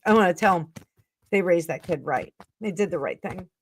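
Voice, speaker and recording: Lady doing live tarot readings, gushy and emotional, kinda low voice. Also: animated, normal speed, a little hiss or hum. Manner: emotional, effusive. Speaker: tarot reader and stream host.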